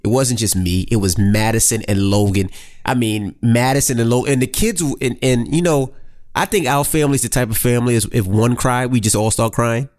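A man's voice: medium pitch, fairly quick, darkish tone. A man co-hosting a podcast, blunt and profane, often interjecting in casual conversation. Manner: blunt, swears freely, interjects and agrees often. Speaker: podcast co-host.

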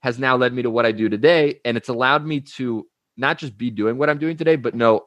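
A young man speaks as a guest in a casual interview, spinning anecdotes and slipping into acted-out quotes with plenty of energy. The recording is dry, with no room sound around his middle-pitched voice. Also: a little fast, few pauses, a bit bright, no echo. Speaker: guest, life coach.

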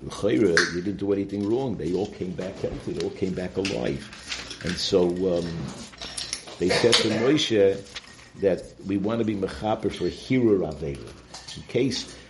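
A man gives an informal Torah talk, and his voice sits on the low side. He halts and restarts often and peppers his with Hebrew and Yiddish terms. A faint hiss runs under the recording. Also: measured pace. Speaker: Torah teacher.

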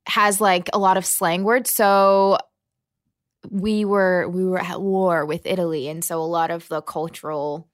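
A woman's voice: on the low side, fairly even intonation, measured pace, clear, resonant tone, no room sound, clean studio sound. A young American woman as a podcast guest, earnest and thoughtful, laughing easily. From United States. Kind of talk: casual interview chat.

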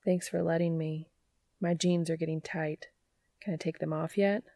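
A woman's voice: low-pitched, steady tone, normal speed, warm tone, no echo. A woman reading the part of a joking, eager adult man in a casual tone. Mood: teasing, eager. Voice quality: casual and teasing. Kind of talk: audiobook character reading.

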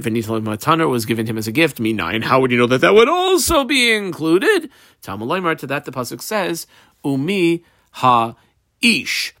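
A man's voice: medium pitch, fairly bright tone, no echo. Man teaching Talmud, methodical and dry. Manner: reads Hebrew and Aramaic phrases, then translates each in plain talk; methodical, marks punctuation and notes aloud. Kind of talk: line-by-line Talmud study lesson.

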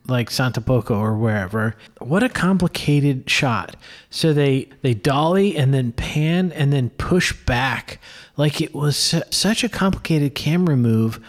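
A man co-hosting a casual film podcast, relaxed and chuckling often as he talks. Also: on the high side. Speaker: podcast co-host, filmmaker.

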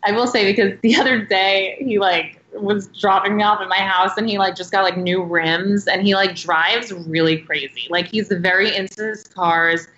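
A woman's voice: mid-range voice, steady tone, normal speed, few pauses, a bit bright, echoey room, lo-fi sound, a little hiss or hum. A woman in her thirties, talking as a guest in a casual interview, chatty and rambling with many filler words. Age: 30s.

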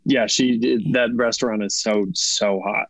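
Gravelly easygoing man guesting on a podcast. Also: lowish voice, fairly even intonation, unhurried, dry recording. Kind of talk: casual podcast chat.

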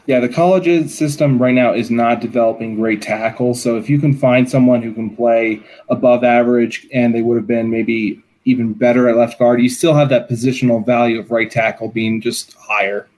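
A man co-hosting a casual sports podcast, speaking with lots of pauses and fillers. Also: medium pitch, steady tone, a little mellow. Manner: hesitant, many fillers. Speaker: podcast co-host.

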